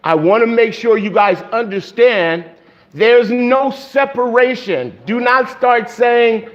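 A man's voice: very high-pitched, takes it slowly, muffled recording. A man preaching a sermon in a conversational way, checking in with the congregation with frequent "okay?". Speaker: pastor.

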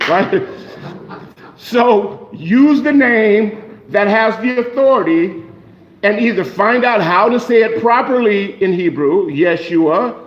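High-voiced man preaching a casual sermon. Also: lo-fi sound. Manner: conversational preaching, frequent "okay?" check-ins. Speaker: pastor.

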